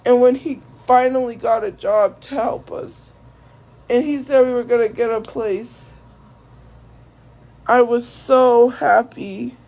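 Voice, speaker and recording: A young woman streamer speaking to viewers in a tearful, halting way, grief-stricken and repeating herself. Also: fairly high pitch, steady tone, darkish tone, lo-fi sound. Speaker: live streamer. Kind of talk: emotional monologue to viewers.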